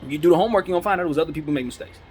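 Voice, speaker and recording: A man's voice: on the high side, racing, darkish tone, slight background noise. A man hosting a basketball commentary show, giving a fired-up, preachy opinion monologue full of rhetorical questions.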